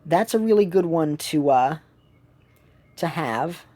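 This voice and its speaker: Low-voiced woman streaming a mobile game. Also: animated, slow pace, warm tone. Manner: rambling, many fillers and restarts. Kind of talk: casual gameplay commentary. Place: home.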